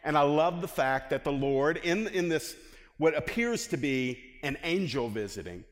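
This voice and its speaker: A male pastor preaching a lively sermon and asking his congregation questions. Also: a little high, moderate pace. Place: church hall. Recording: long hall reverb.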